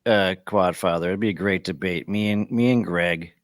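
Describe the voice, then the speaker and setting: A man's voice: low voice, normal speed. A man on a casual podcast chat, self-mocking and playfully sarcastic. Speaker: podcast guest.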